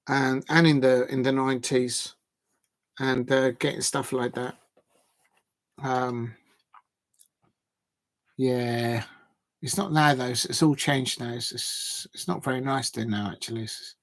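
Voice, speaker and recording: A man, hosting a football livestream and chatting casually with viewers, rambling and thinking aloud with plenty of fillers. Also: medium pitch. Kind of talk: casual live chat reacting to viewers.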